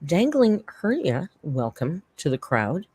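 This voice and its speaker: This woman's voice is deep, dark and a little breathy, sing-song in shape and slowly paced, recorded with no room sound. She's a Canadian livestream host at home on a desk microphone, chatting and rambling as she thanks her chat members.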